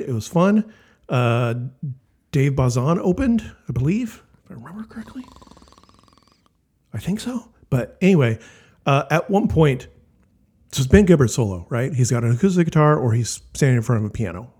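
A man's voice: medium pitch, darkish tone, breathy edge. Male co-host, casual chat, laughs a lot, mid-range voice. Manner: laughs often, trailing restarts. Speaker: podcast co-host.

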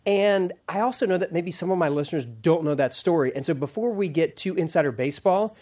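A man's voice: a little high, fairly quick, a little mellow. A man who is a pastor, hosting an interview and asking teasing, joking questions in a casual way. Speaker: podcast host and pastor.

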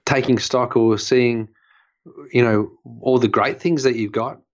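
A man's voice: mid-range voice, fairly even intonation, unhurried. Thoughtful man, lo-fi sound. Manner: thoughtful, musing. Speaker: podcast co-host. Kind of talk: casual chat. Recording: dull lo-fi sound.

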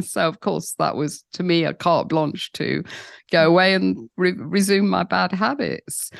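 A woman's voice: on the low side, normal speed, creaky, no room sound, studio quality. A British woman in her sixties telling her own story in an interview, candid and wry, with frequent "you know" fillers. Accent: British English. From Britain. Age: 60s. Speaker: guest.

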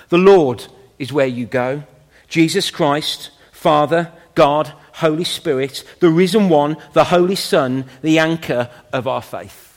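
A man preaching a sermon in a church, impassioned, rising high and falling to a low hush. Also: measured pace, in a large hall.

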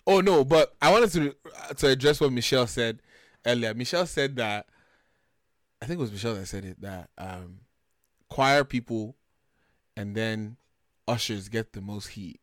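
A young man from Nigeria with a Nigerian accent, telling stories in a lively, joking way as a podcast co-host. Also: mid-range voice, normal speed, long pauses, dry recording, studio quality. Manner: animated, jokey, acts out quotes. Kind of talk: casual chat, storytelling.

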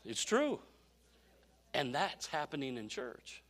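A man preaching a sermon, telling a story in an animated way and often repeating phrases. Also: fairly high pitch, slow pace. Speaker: pastor.

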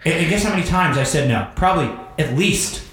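A high-pitched man in his thirties talks sales in a loose, animated way, swearing and acting out both sides of an exchange. The room around him rings with heavy echo. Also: fast. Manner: animated, swears, acts out quotes. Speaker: podcast host. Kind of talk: casual sales coaching chat. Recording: very echoey room.

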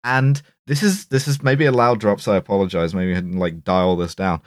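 A man's voice: low voice, fairly quick, no echo, studio quality. A man casually recapping a film on a podcast, rambling and swearing, acting out lines. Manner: profane, rambling, animated recap with quoted voices. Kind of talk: casual chat.

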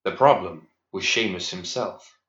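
Deep-voiced man narrating a dark audiobook. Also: unhurried. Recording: echoey, slightly dull recording.

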